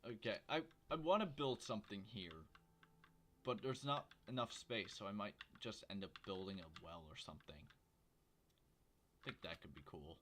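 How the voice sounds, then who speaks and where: A man with a fairly low voice streams a game from home, rambling and joking with his viewers. His quiet desk microphone picks up faint hiss and the clicks of his keyboard. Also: expressive, normal speed. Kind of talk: casual livestream commentary while gaming.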